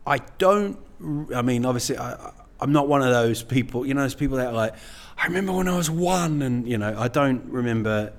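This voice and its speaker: A man's voice: medium pitch, a little fast, few pauses. A middle-aged man, a stand-up comedian, chatting casually as an interview guest in a rambling, self-deprecating way. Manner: rambling, self-deprecating, many "you know"s.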